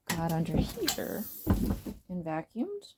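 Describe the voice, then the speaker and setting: A woman's voice: lowish voice, wildly swooping pitch, extremely slow, heavy background noise. A woman vlogging casually from her camper, talking to herself in a candid, chatty way about cleaning and a road trip. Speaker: van-life vlogger. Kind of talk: casual vlog chat.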